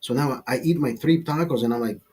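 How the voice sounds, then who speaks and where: A middle-aged man hosting a podcast, telling a profane, animated anecdote in casual chat and acting out the quotes. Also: mid-range voice, fairly quick, breathy edge, faint music behind. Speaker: podcast host telling a story.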